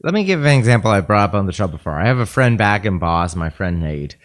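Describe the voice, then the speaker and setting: A man in a mid-pitched voice with a lively, swinging intonation tells stories in relaxed podcast banter. He speaks earnestly and keeps pressing his point. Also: fast. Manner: earnest anecdotal storyteller. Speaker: podcast co-host. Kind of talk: casual podcast chat.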